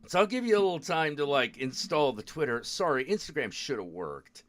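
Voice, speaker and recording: A male streamer talking casually to his viewers, grumbling and cursing as his phone apps misbehave. His voice swings widely in pitch, dropping to low mutters and jumping up in sudden outbursts. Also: very animated, fairly quick. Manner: frustrated muttering, swearing at tech. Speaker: streamer host. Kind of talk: casual live-stream chat.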